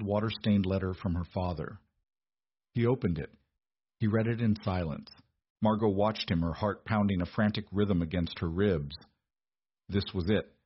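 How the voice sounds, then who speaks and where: A man narrates a romance story in a steady, measured way. His voice is low and husky. The recording sounds dull and dry, with no room echo.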